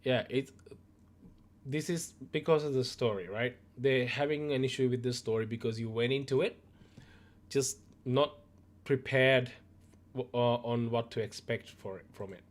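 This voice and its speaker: A man chats casually to viewers while hosting a gaming news show, rambling in a relaxed way with plenty of fillers. He speaks at a moderate pace in a mid-range voice, coughing now and then as he loses his voice.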